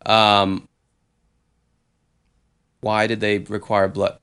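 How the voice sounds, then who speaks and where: A man's voice: fairly low pitch, monotone, extremely slow, a bit bright, smooth. A man co-hosting a podcast, chatting bluntly and swearing freely, often restarting his sentences. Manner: blunt, profane banter with frequent restarts. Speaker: podcast co-host. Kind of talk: casual chat.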